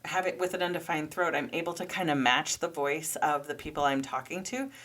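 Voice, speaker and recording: Low woman host, explaining, pauses to check herself, mic a bit far off. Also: fairly bright tone. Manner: thoughtful, pauses to check details. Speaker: podcast host and teacher. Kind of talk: explanatory talk.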